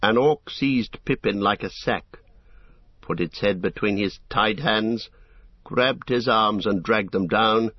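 Low-voiced man narrating a fantasy audiobook. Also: no echo. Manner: measured, dramatic storytelling. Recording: dull, muffled audiobook recording.

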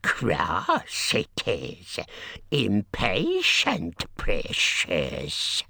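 A man voicing Gollum, a slimy wicked cave creature who hisses and wheedles in a gravelly, very slow voice with wild swoops in pitch. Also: huge pitch swings, bright, forceful tone, dry recording, clean studio sound, full character voice. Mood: hissing.

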